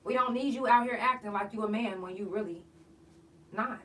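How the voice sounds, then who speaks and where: A woman's voice: a little high, brisk. A woman hosting a podcast, ranting bluntly and profanely in an emphatic, outspoken monologue. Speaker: podcast host. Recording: voice a bit far from the mic.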